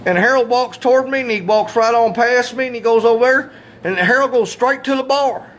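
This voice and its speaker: High-voiced folksy storyteller. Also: male voice, fairly bright tone. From Southeast Missouri. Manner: folksy, salty, drawn-out punchlines. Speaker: comedic storyteller. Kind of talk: comic storytelling monologue.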